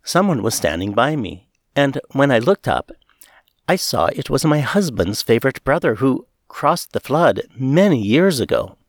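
A man narrates a memoir in an earnest, measured way, his pitch rising and falling expressively. The sound is dry and close, with no room around it. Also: very animated, dry recording. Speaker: reader.

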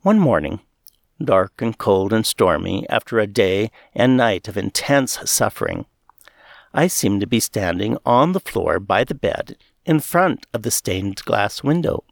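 A man narrates a memoir in an earnest, measured way, his pitch rising and falling expressively. The sound is dry and close, with no room around it. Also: lively intonation, creaky, no echo. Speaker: reader.

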